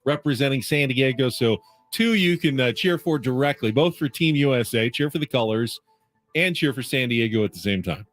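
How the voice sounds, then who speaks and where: A chatty man co-hosting a sports talk show, adding quick remarks and side comments in an easy, conversational way. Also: mid-range voice, expressive. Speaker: radio co-host. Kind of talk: casual sports radio chat.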